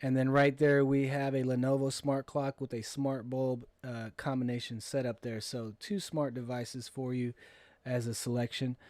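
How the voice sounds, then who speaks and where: A man's voice: medium pitch, little pitch movement, normal speed, a little mellow, dry recording. Easygoing male livestream host, dry sound. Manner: reads viewer comments aloud and answers them in an easygoing way. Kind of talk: casual livestream chat.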